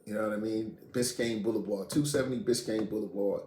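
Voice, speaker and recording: A middle-aged man from Queens, casually telling a story in street slang and profanity, animated and blunt. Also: fairly low pitch, a little fast. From Queens, New York. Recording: echoey room, faint noise.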